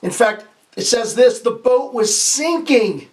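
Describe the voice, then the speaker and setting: A man's voice: extremely high pitch, animated, takes it slowly, a little mellow. A man, a pastor, reading a children's picture book aloud with playful asides, asking the kids questions and having them repeat lines. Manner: playful asides, some stumbles and restarts. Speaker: pastor hosting a kids' story time.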